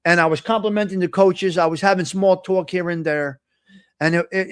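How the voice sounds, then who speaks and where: A man's voice: high-pitched, steady tone, normal speed, smooth, dry recording, studio quality. A middle-aged man hosting a live coffee-talk show, talking bluntly in a profane, ranting monologue. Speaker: host.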